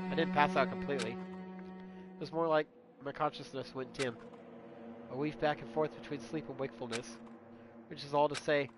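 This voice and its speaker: Jokey man narrating a game. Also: a little high. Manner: crude, jokey commentary. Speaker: let's play host. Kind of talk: reading a game aloud with jokey asides. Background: game music.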